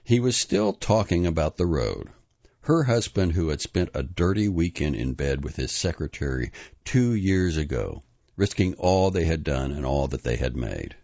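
A man narrating a novel in an expressive storytelling manner, moving between dramatic and hushed delivery. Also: rumbling low, moderate pace, no room sound, lo-fi sound. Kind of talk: audiobook narration.

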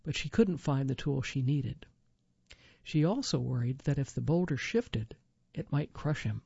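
A woman reading a magazine article aloud for a reading service, in a clear, even, measured way. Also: very deep voice, dry recording, highs cut off. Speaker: volunteer reader for a reading service. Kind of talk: scripted narration of magazine article.

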